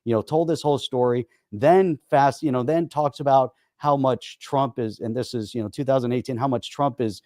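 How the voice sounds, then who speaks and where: A man's voice: mid-range voice, moderate pace, hardly any pauses, a little mellow, no echo, clean studio sound. A man co-hosting a podcast, telling stories in a rambling, casual way with many fillers. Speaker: podcast co-host. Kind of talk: casual political chat.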